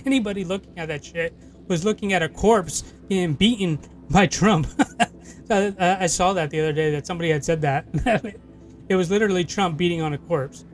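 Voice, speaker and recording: Gaming host, male, high voice, heated profane rant, light music bed. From California. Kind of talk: casual rant while streaming a game.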